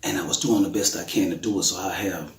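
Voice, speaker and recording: A man's voice: sits low, fast, creaky. Earnest man telling testimony, echoey room. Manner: colloquial and earnest, acts out quotes with excited bursts. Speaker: father telling his daughter's testimony. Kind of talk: emotional testimony storytelling.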